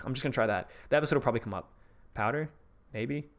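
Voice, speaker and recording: A man's voice: mid-range voice, fast talker. A man hosting a casual live stream, chatting loosely as he rambles, swears often and laughs easily.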